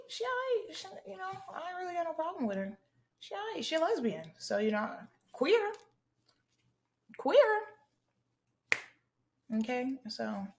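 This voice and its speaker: A woman's voice: medium pitch, creaky. A young woman hosting her own podcast, chatting casually and bluntly through listener questions, swearing freely and using a lot of slang. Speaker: podcast host. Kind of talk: casual solo chat answering listener questions.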